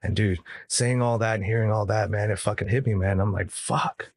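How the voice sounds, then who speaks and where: A man's voice: lowish voice, steady tone, brisk, a little mellow, husky, no room sound. A man from the United States, a podcast guest telling a story casually, emphatic and profane, acting out the dialogue he quotes.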